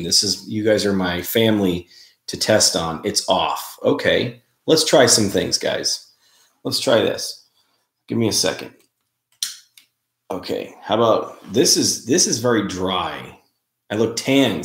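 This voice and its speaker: A man hosting a casual live stream, chatting in a relaxed way and greeting viewers by name. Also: sits low. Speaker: livestream host. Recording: roomy, echoey room sound.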